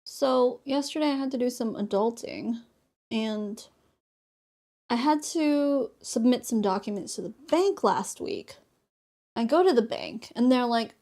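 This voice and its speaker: A young woman with a fairly high voice talks casually while she crafts on stream. She is chatty, laughs easily and acts out the lines of the people in her stories. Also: animated, measured pace, darkish tone. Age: young adult. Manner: chatty, laughs often, acts out dialogue in storytelling.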